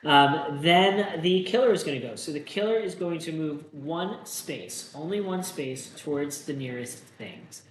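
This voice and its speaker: A man hosting a solo board game playthrough, reading the story text aloud and then thinking out loud about his moves in a casual, self-deprecating way. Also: a little high, a little slow, hardly any pauses, echoey room, rough recording.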